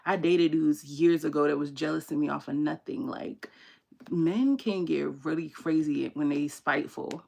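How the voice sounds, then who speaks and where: Low gravelly-voiced young woman chatting candidly. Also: moderate pace. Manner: candid, animated storytelling with slang and laughter. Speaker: tarot reader and channel host. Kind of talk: casual livestream chat to viewers.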